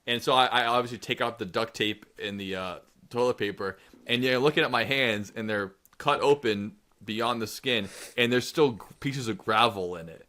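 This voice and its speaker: In a sharp tone at a moderate pace, a twenty-something podcast co-host rambles through a profanity-laced story. He performs the quoted lines in this casual storytelling chat, his pitch sitting in the middle range.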